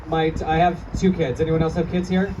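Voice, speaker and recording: A man's voice: fairly high pitch, little pitch movement, brisk, lo-fi sound. Guy doing stand-up, swears a lot, laughs at his own bits, kinda far off mic, club noise behind. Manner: profane, self-mocking, laughing through punchlines. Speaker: stand-up comedian. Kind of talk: stand-up comedy set. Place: comedy club before a live crowd. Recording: distant stage audio with crowd noise. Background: audience laughter and chatter.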